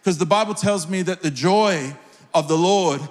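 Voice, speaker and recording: A man's voice: high voice, normal speed. A middle-aged man, a pastor, preaching a sermon with an earnest, personal storytelling manner that builds into fervent prayer. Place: large church hall. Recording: long hall reverb.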